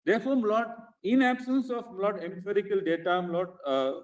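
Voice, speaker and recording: A man with an Indian English accent, an advocate making a formal courtroom argument and calling the judges "Lord" in almost every phrase, with halting restarts. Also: sits high, expressive. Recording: echoey courtroom, speaker far from the mic.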